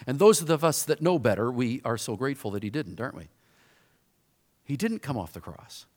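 A man preaching a sermon, retelling a scripture scene with animated storytelling and acting out the bystanders' voices. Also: medium pitch, brisk. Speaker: pastor.

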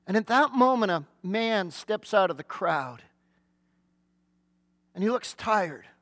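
A man with a notably high voice delivers a sermon, retelling a scripture story with vivid detail and dramatic pauses. He speaks earnestly and puts rhetorical questions to his listeners. The recording is close and dry. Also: lively intonation, fairly bright tone, no echo. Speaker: pastor.

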